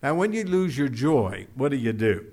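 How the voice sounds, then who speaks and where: A man's voice: mid-range voice, big pitch swings, moderate pace, a little mellow. A man preaching a sermon, explaining scripture verse by verse with emphatic repetition and dramatic drops in volume. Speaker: pastor.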